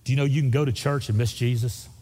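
A man's voice: mid-range voice, fairly even intonation, quick pace, dark tone, long reverb tail. A man preaching a sermon as a pastor in a church, pleading earnestly and repeating phrases for emphasis. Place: church sanctuary.

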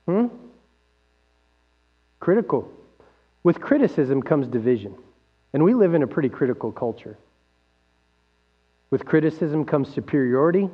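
A man with a high voice preaches a sermon, lively and full of rhetorical questions. His voice rings through a large hall with a long reverb. The recording sounds dull and lo-fi, with a faint mains hum underneath. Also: moderate pace, long pauses, breathy edge. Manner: animated, acts out quoted voices, rhetorical questions. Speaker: pastor.

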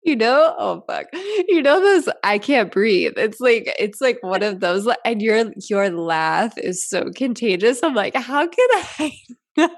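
A woman's voice: medium pitch, lively intonation, unhurried, no room sound, clean studio sound. A woman hosting a podcast from her home, talking in a gushing, casual way, swearing freely and calling her listeners y'all. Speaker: podcast host.

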